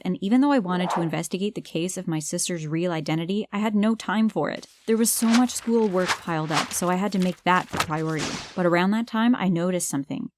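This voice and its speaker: A woman narrating an animated story in a brisk, earnest way. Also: lowish voice, background noise.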